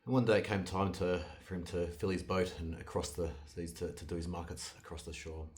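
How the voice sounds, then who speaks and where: A man telling a fairytale in a loose, conversational way, with restarts and sudden jumps in loudness. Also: deep voice, fairly quick. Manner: loose retelling with restarts, lively swings in loudness. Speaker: storyteller. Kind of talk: casual fairytale storytelling.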